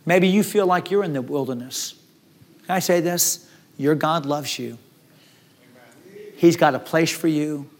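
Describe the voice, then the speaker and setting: High-voiced male pastor, dramatic sermon delivery. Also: a little slow, long pauses. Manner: dramatic, acts out despairing voices.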